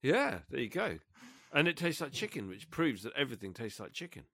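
Animated, ranting man. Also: mid-range voice, fairly quick, creaky, no room sound, clean studio sound. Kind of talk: casual chat.

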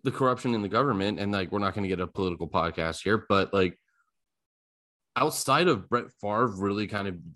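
A man co-hosting a casual sports podcast, talking in halting, restarting sentences. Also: fairly low pitch, fairly bright tone. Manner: halting, restarts often with fillers. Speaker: podcast co-host.

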